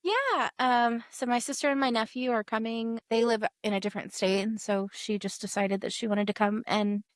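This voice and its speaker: A woman's voice: fairly high pitch, normal speed, no echo, clean studio sound. A young woman co-hosting a podcast from her apartment, chatting casually and telling stories with lots of laughs. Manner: giggly, animated storytelling. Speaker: podcast co-host. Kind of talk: casual chat.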